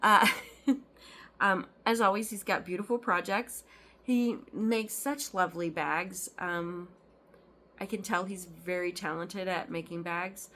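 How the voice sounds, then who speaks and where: A woman's voice: on the low side, steady tone, slow pace, fairly bright tone, a little hiss or hum. A woman chatting casually as a cross-stitch vlogger, rambling with lots of ums and restarts. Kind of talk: casual chat.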